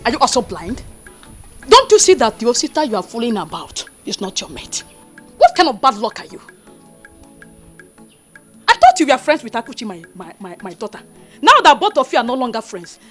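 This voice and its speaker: A woman's voice: a little high, fairly bright tone. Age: adult. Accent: Nigerian. A woman playing a fierce mother who hurls insults at a young woman. Style: Nollywood film acting. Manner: scolding, insulting. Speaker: mother scolding her son's girlfriend.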